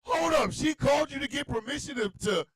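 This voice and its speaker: High, lively male radio host, loud incredulous comic ranting, dry close sound. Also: a little fast, no room sound. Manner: animated, shouting, incredulous. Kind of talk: comedic talk radio rant.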